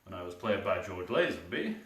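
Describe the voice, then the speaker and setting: A man's voice: deep voice, sing-song, brisk. Sardonic man in a one-man stage show. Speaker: solo comic performer. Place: small theatre stage. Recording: roomy theatre, from a distance.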